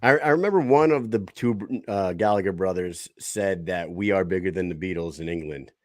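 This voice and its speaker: A man's voice: deep voice, brisk, no echo, clean studio sound. A middle-aged man co-hosting a podcast, chatting casually and swearing freely as he banters with a guest. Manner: profane, lively banter. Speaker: podcast co-host. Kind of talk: casual interview chat.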